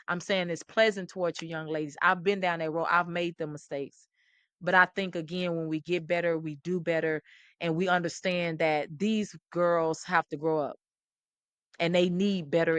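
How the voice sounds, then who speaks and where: Middle-aged woman w/ aave preaching to parents, bright voice, dry close sound. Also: on the low side, moderate pace, no echo. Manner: preachy, animated, repeats phrases for emphasis. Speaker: talk show host. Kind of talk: impassioned commentary to camera.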